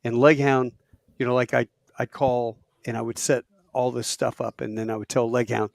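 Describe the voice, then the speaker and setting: A man's voice: medium pitch, little pitch movement, moderate pace, gravelly, no room sound, clean studio sound. Easygoing man spinning a story. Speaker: podcast co-host. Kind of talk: casual storytelling chat.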